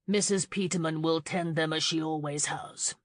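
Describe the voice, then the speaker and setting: A man's voice: on the high side, fairly even intonation, normal speed, no room sound, lightly acted. A woman voicing a corpulent, greedy uncle who bellows and blusters in an audiobook scene. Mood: gruff. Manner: loud, bellowing and defensive. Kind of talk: audiobook character reading.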